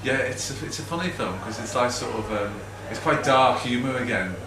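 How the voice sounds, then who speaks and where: A man's voice: medium pitch, lively intonation, a little fast. A middle-aged man with a Liverpool accent, telling rambling, self-mocking stories to an audience and acting out quotes. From Liverpool, England. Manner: chatty, self-mocking, acts out quotes, laughs often. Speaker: guest speaker. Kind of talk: rambling anecdotal talk to an audience. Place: event hall with a live audience. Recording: echoey hall, mic from far off, background noise.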